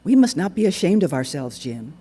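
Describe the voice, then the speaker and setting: A woman's voice: low-pitched, big pitch swings, fairly quick, dark tone, slightly rough, voice pushed up, full character voice. A man voicing an earnest female schoolteacher who lectures her pupil in a prim tone, in a staged story. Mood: lecturing.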